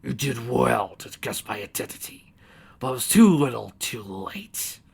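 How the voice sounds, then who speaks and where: A man reading aloud and voicing a smug, imperious female sun titan pony in a deep, melodic, gloating voice. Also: sing-song, creaky, a little mellow, breathy edge, exaggerated voice. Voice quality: deeper and more melodic. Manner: gloating, slow and menacing.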